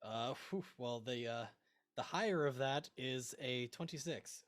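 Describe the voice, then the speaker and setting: A player in a tabletop game, excitable and stammering as they talk. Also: mid-range voice, measured pace.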